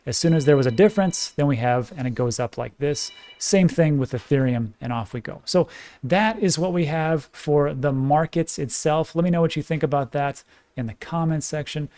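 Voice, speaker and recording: Chatty man, higher pitched. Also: moderate pace, darkish tone, no echo. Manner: chatty, enthusiastic, talks to viewers directly. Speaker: cryptocurrency commentator. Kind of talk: casual market commentary to camera.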